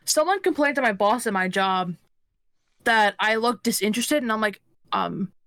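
A woman co-hosting a podcast, telling blunt, profane work stories in a deadpan way. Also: fairly high pitch, normal speed, dry recording, clean studio sound. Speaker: podcast co-host. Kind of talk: casual chat.

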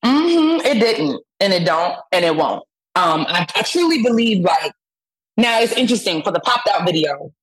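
Brooklyn woman with a new york accent, kinda husky, lowish voice, talks big and laughs a lot. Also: normal speed, rough recording. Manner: animated, laughs often, emphatic. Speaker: guest musician. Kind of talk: casual interview over the phone. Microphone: phone call.

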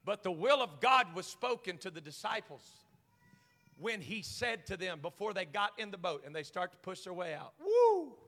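A man pastor preaching a sermon, swinging from quiet talk to shouted calls to the congregation. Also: high-pitched, animated, moderate pace, in a large hall. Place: church sanctuary.

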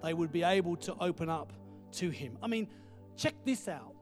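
A man preaching a sermon, telling stories with lively energy, dropping to a hush for quoted words and often asking "right?". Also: on the high side, normal speed, faint music behind. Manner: animated storytelling, asks the audience "right?".

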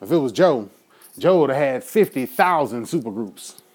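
Male host, mid-range voice, loud profane rants delivered straight to his audience. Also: medium pitch, expressive, moderate pace, husky. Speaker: podcast host. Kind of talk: profane political rant.

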